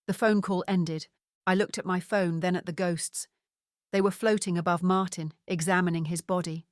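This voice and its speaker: A woman reading a first-person mystery audiobook in a steady, measured storytelling voice. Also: lowish voice, no room sound, studio quality. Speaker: audiobook narrator.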